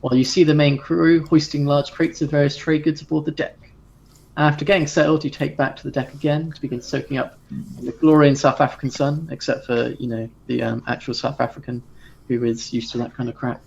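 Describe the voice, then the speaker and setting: A man narrates a tabletop horror game as its game master, loose and casual and quick to chuckle. His voice has a gravelly grain, and the recording sounds muffled and lo-fi. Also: a little high, flat delivery, darkish tone. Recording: dull lo-fi recording.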